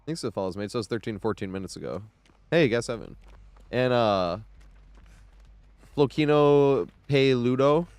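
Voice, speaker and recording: A man's voice: medium pitch, expressive, normal speed, pauses often, darkish tone, clear, resonant tone, no echo. A man giving casual live commentary as a game streamer, chatty, laughing often and making sarcastic asides.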